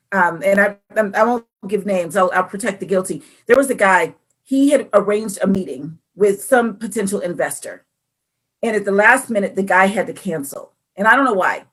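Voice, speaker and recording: Lively woman chatting. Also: medium pitch. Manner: animated, acts out quoted voices. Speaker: podcast co-host. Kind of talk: casual faith chat, reading scripture.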